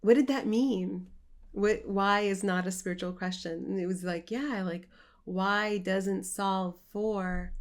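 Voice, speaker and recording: A woman co-leading an online mindfulness class, telling personal stories in an animated way and laughing as she talks. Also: fairly low pitch. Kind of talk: casual storytelling chat. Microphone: online video call.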